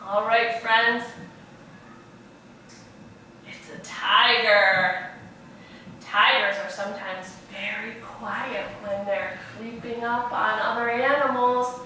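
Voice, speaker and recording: A woman teaching preschoolers in a virtual class, speaking in a slow, sing-song, encouraging way. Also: on the high side, fairly even intonation, bright, forceful tone, recorded from a distance, a little hiss or hum. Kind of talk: virtual class for young children. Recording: echoey room, voice off-mic.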